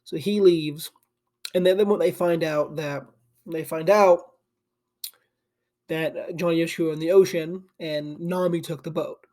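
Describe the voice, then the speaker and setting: At his home desk on camera, a young anime channel host retells a story in a slightly high, darkish voice with fairly even intonation, unhurried and with long pauses. Sleepy and yawning, he rambles loosely, his thoughts looping back on themselves, full of "like" and restarts.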